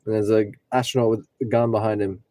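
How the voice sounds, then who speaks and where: Mellow rambling young man on a livestream. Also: on the low side, level tone, quick pace, no room sound. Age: 20s. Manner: rambling, talks to chat viewers, breaks into singing. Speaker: livestreaming rideshare driver. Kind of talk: casual livestream chat. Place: in a car.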